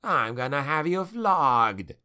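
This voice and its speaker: A man voicing a spoiled, sneering young dark elf general in a fantasy audiobook, imperious and raised above his own voice. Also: a little high, very animated, slow, clear, resonant tone, voice pushed up, full character voice.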